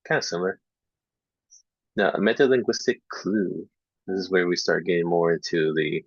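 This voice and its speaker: Low gravelly male teacher, casual. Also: no room sound. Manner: relaxed, filler-heavy, demonstrates errors by repeating them. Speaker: English teacher trainer. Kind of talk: casual online teaching talk. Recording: dull lo-fi dry online recording.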